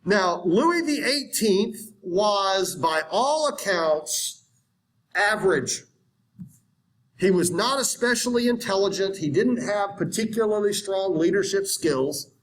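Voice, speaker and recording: A man giving a history lecture in an animated, conversational way, acting out historical viewpoints. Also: high-pitched, slow pace, a little hiss or hum. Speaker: history teacher. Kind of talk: classroom lecture.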